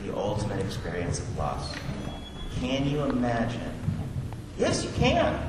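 Pastor, male, 30s, lively sermon voice from a distant mic in an echoey sanctuary, room noise audible. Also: mid-range voice. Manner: conversational, swings from soft and slow to loud and urgent. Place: church sanctuary.

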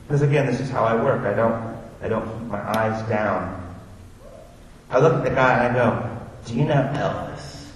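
A man's voice: medium pitch, a little hiss or hum. A man from Florida telling personal stories before an audience in a chatty, self-deprecating, digressive way. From Orlando, Florida. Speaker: speaker giving a personal testimony. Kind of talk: storytelling talk before an audience. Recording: echoey hall, distant mic.

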